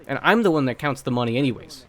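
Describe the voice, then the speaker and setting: A young man co-hosting a podcast in casual chat, telling workplace stories in a blunt, profane, animated way. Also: mid-range voice, quick pace. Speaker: podcast co-host.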